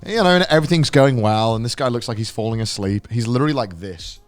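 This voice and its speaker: A young man, co-hosting a podcast, tells a story in a casual, animated way, swearing and acting out quotes. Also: medium pitch, quick pace, no echo, soft background music. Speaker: podcast co-host.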